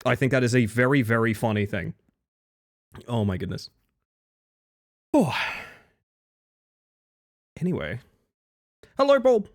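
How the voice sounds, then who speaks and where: A man's voice: mid-range voice, very animated, unhurried, long pauses. Joking, swearing male streamer. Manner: joking, teasing banter with frequent swearing. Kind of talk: casual live-stream chat.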